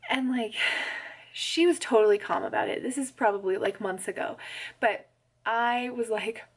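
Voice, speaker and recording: Young woman, slightly high-pitched, chatty vlog storytelling, frequent laughs, casual fillers. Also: moderate pace. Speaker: pregnancy vlogger.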